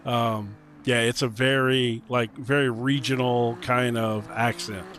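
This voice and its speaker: A man from the United States giving relaxed color commentary on a sim race, rambling with ums and you-knows. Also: medium pitch, measured pace, faint music behind. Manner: chatty, rambling with um and you know.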